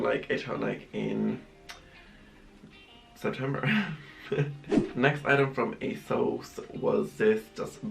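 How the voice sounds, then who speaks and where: A man's voice: medium pitch, vocal fry, low-quality recording. A young man, chatting casually through a fashion haul vlog, rambling with lots of fillers. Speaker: fashion vlogger.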